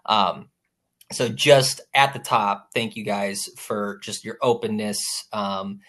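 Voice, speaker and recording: A man's voice: fairly low pitch, slow, fairly bright tone. A man moderating a roundtable discussion with playwrights, speaking casually with frequent ums and restarts. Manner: hesitant, many ums and restarts.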